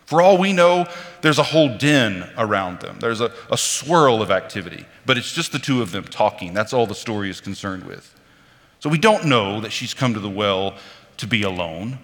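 A preacher delivers a chatty, animated sermon, acting out quoted voices as his pitch swings widely. His tone is bright and forceful, and a long reverb suggests a large church hall.

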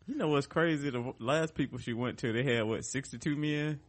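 A man's voice: medium pitch, a little fast. Teasing male podcast guest. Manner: laughing, teasing banter. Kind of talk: casual chat.

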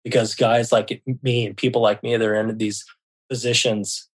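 A man's voice: fairly low pitch, little pitch movement, moderate pace, slightly rough. Man retelling a story with restarts. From Seattle, US. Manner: emotional retelling with frequent restarts, quotes himself and others; swears when upset. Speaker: podcast guest, left-behind parent. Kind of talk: personal storytelling in an interview.

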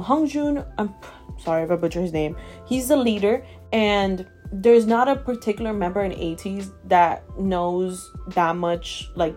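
A woman's voice: mid-range voice, darkish tone. A woman with a Southern American accent hosting a solo podcast, ranting emphatically and repeating herself for emphasis. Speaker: podcast host.

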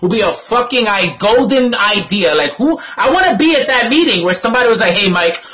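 A man's voice: high-pitched, lively intonation, brisk, bright, forceful tone. A man co-hosting an online talk radio show, ranting and swearing in exasperated casual banter. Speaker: co-host. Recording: dull lo-fi online radio audio.

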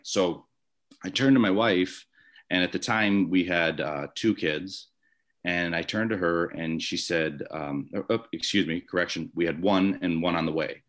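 A former baseball umpire from the Chicago area, USA, tells stories as a guest in a conversational interview from his home office. His low, a bit bright voice moves a little slowly, with rambling restarts and fillers.

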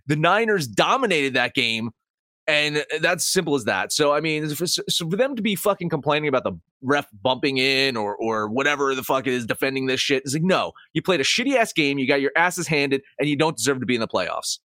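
A man's voice: medium pitch, animated, brisk, pushed and bright, dry recording, clean studio sound. A man co-hosting a sports podcast, ranting with heavy swearing and sarcasm. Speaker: podcast co-host. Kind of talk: casual sports talk.

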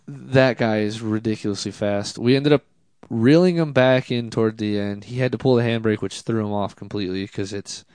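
A man, a drift driver, telling a casual story in an interview, animated and self-deprecating, with many fillers. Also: lowish voice, moderate pace, clean tone, no echo.

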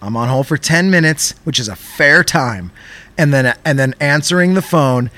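A young man tells a story on his podcast with a high, bright voice. He is excitable and animated and swears casually. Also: moderate pace, no echo. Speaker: podcast host.

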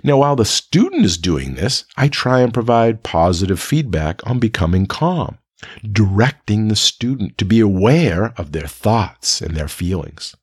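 A man with a slightly husky voice gives an instructional talk to fellow teachers, calm and explanatory. His pitch moves a lot as he stresses points, and the recording is dry and close, with no room sound. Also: unhurried, no echo. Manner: calm, explanatory, with rhetorical "right?" checks.

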